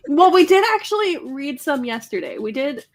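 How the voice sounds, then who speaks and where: A woman's voice: high-pitched, very animated, normal speed. An American woman in a casual video call chat, wry and self-mocking.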